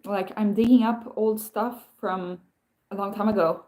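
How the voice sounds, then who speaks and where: A woman hosts a casual live stream with a voice of ordinary pitch. She rambles through her stories, often stops and starts her sentences again, and turns to read and answer viewer comments. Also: fairly even intonation, a little slow, warm tone. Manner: rambling, self-interrupting storytelling with many restarts.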